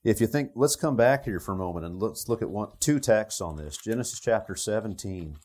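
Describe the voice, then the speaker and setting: A man's voice: lowish voice, expressive, a little fast, a little mellow. A man preaching a Bible sermon, talking it through with the listeners in a conversational way. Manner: conversational, thinking aloud with the listeners. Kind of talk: expository sermon.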